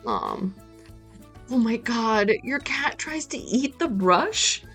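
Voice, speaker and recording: A woman's voice: fairly high pitch, animated, slow, fairly bright tone, faint music behind. A woman streamer chatting playfully while she plays, talking to the game as she goes. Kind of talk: casual gameplay chat.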